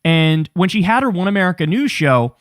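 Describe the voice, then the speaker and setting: A man's voice: sits high, big pitch swings, brisk, no echo, studio quality. Sarcastic, profane male political host. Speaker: political commentary show host. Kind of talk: online political commentary.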